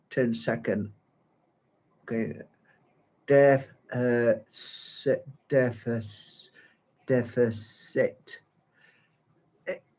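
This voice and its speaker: A man giving a live solo performance at home, rambling and flustered as he talks to himself. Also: medium pitch. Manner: rambling, flustered self-talk. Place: at home by a window.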